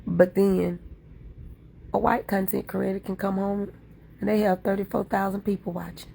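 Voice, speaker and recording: A woman's voice: mid-range voice, flat delivery, moderate pace, creaky, dark tone, slight background noise. A woman livestream host talking in a fervent, preachy way, repeating her points over and over. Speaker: livestream content creator. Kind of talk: impassioned livestream talk.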